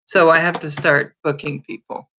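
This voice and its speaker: A chatty woman hosts a casual livestream, greeting viewers by name and telling little stories. Her voice is bright and forward. The recording sounds dull and lo-fi. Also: sits low, flat delivery, normal speed, slight background noise. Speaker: livestream host.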